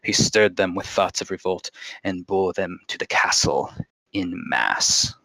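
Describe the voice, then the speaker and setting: A man's voice: sits low, gravelly, bright, forceful tone, dry recording, heavily acted, rough recording. A man doing a theatrical old storyteller. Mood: dramatic. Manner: slow dramatic proclaiming.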